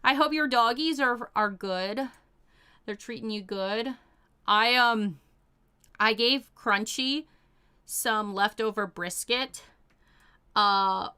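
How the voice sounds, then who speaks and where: A young woman chats away on her stream, reading messages and gushing over them with lots of fillers. Her voice is bright and smooth, pitched a touch high. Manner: bubbly, gushing, lots of "oh my gosh" and "like". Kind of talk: casual chat.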